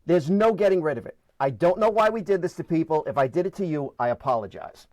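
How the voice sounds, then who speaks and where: New york guy telling stories, high voice, dry close sound, acts out all the voices. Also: fast talker, no echo. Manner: animated, acts out voices in anecdotes. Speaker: guest storyteller. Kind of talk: casual storytelling.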